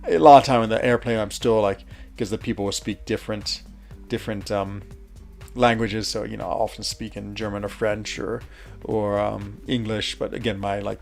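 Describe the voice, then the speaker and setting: Gravelly low-voiced American man chatting. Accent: American, with a West Virginia lilt. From United States. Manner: rambling, with frequent fillers and restarts. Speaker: streamer. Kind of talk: casual chat with viewers.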